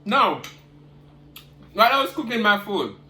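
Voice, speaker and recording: A man's voice: high voice, big pitch swings, unhurried, echoey room. A man, talking casually to viewers while eating and humming over his food. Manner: eating with loud savoring hums between remarks; chatty, talking straight to viewers. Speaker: cooking vlogger. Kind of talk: casual mukbang chat.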